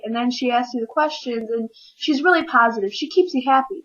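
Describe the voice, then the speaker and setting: A teenage girl ranting casually to camera, rambling and acting out little scenes in quick voices. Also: high voice, fairly bright tone, lo-fi sound. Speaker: vlogger. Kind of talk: casual comedic rant to camera.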